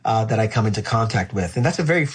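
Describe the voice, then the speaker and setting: Male pastor, husky voice, reflective and earnest, conversational. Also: lowish voice, expressive, quick pace. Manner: reflective, earnest, frequent "uh" fillers. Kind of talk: conversational interview answer.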